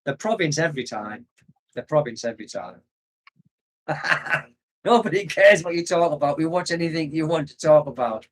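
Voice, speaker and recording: An older man from Britain talks to his livestream viewers in a loose, wandering way and often laughs at his own tangents. His voice sits a little higher than most men's. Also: expressive, moderate pace. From United Kingdom. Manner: rambling, nostalgic, laughs often. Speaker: expat vlogger reading live chat. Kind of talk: casual livestream chat. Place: home in the Philippines.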